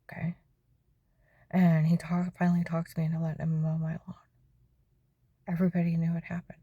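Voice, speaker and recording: A woman's voice: on the low side, completely flat delivery, fairly quick, mellow, no room sound, dull audio. A middle-aged woman telling her own story in a testimony monologue, keeps asking "okay?" and often drops into a whisper.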